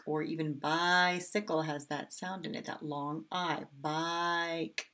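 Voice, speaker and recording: A woman teaching a phonics lesson to young children, cheerful and slowly sounding out each word. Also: deep voice, fairly bright tone, slight background noise. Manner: cheerful, slow and drawn-out when sounding out words. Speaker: kindergarten teacher.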